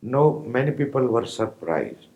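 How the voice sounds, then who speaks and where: A man with an Indian accent giving a slow, pausing spiritual discourse to meditators, often asking his listeners if they follow. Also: mid-range voice, big pitch swings, dark tone, low-quality recording. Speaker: spiritual teacher.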